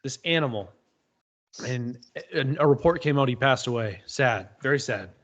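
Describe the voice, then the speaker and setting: A man's voice: medium pitch, expressive, moderate pace, a bit bright. Casual male podcast guest, loose storyteller who swears a lot, slightly dull lo-fi sound. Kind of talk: casual chat.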